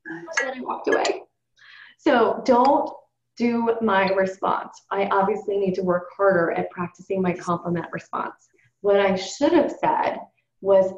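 With a mid-range voice at normal speed and a noisy background, a woman leads a sales team through a training call. Her upbeat, chatty coaching speaks directly to the group, and the webinar-style recording is roomy and flat.

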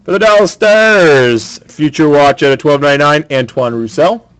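A man hosting a sports card break, calling out each card pulled in a brisk, matter-of-fact way. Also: fairly high pitch, fairly bright tone, clean tone. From Canada.

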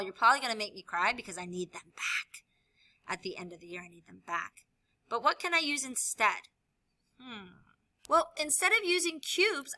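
A woman teacher explaining a lesson while she demonstrates with objects, upbeat and clear. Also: high-pitched, sharp tone. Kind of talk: classroom video lesson.

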